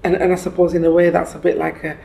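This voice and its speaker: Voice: medium pitch, monotone, fast, creaky, warm tone, low-quality recording. An interviewee from Africa who answers thoughtfully and hesitantly, with many fillers.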